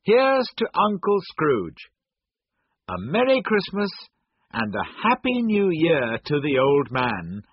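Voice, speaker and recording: A cheerful young man raising his glass in a hearty, lifted voice, as a man reads him. The voice swings up high and loud. The storybook recording is dry and a little dull. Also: wildly swooping pitch, slow pace, slightly rough, no echo, heavily acted. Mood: merry. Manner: raised, hearty toasting voice.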